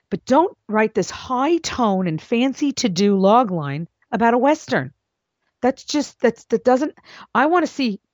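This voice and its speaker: A woman's voice: medium pitch, no echo. Blunt, emphatic woman host, lo-fi. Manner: blunt, emphatic, swooping into exclamations. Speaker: podcast host and script consultant. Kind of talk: casual monologue advice show. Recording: dull lo-fi dry recording.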